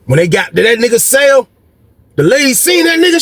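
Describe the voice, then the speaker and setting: A man's voice: very high-pitched, sing-song, a little fast, a bit bright, slightly rough, dry recording. A man hosting a storytelling video, talking casually and profanely, acting out quoted voices and repeating "man" a lot. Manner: profane, repetitive, keeps saying "man".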